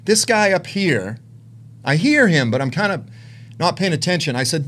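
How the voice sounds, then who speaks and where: A man preaching a personal testimony in sermon style, his voice lively and wide-ranging in pitch. He swings between hushed, low moments and intense, raised ones as he tells the story with deep emotion. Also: moderate pace.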